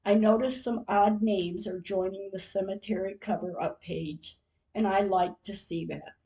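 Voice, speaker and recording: A middle-aged woman reads her diary entries aloud at a slow, unhurried pace. Her voice is mellow and soft in tone, quiet and reflective. She is a podcast host sharing her days with her listeners. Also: medium pitch, steady tone, poor audio.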